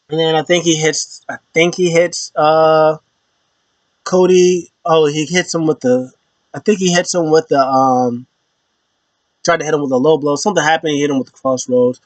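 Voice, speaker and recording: A young man giving a casual, animated wrestling recap in slangy talk, now and then acting out the wrestlers in a pitched-up voice. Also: normal speed, dry recording. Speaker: wrestling show reviewer. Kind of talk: casual opinion vlog.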